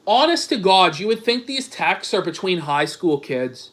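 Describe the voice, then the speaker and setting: A man's voice: sits high, sing-song, a little slow, few pauses, fairly bright tone. A man hosting a commentary show, mocking read-out texts in a crude, sarcastic, profane way. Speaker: commentary channel host.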